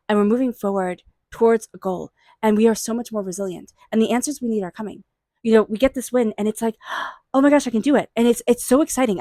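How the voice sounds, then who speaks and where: A woman giving a tarot reading, murmuring invocations to angels and spirit guides and offering warm, excited encouragement. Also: medium pitch, no room sound. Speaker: tarot reader. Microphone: own microphone.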